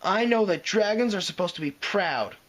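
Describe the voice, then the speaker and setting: A man's voice: high voice, expressive, normal speed, fairly bright tone, voice pushed up. A man voicing Spike, a young boy dragon who is frightened but talks back defiantly. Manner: pleading, retorting, insolent.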